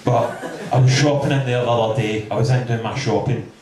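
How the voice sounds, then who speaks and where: A man's voice: mid-range voice, fairly even intonation, fairly quick, a loud crowd. A Scottish man in his twenties doing a stand-up routine, telling a story with dry asides. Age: 20s. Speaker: stand-up comedian. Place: comedy club stage. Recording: echoey venue from far off.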